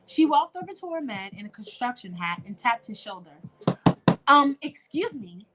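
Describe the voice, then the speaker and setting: A woman's voice: medium pitch, very animated, brisk, low-quality recording. A young woman hosting an online show, reading a fan-fiction story aloud in a chatty, casual way and addressing listeners directly. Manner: chatty, talks to listeners as "y'all".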